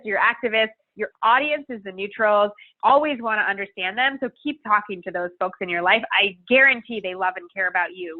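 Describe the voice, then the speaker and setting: Woman on a tinny phone-like line. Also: medium pitch. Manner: earnest, emphatic, thinks aloud. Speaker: guest, climate organizer. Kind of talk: podcast interview conversation. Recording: tinny phone-like call audio.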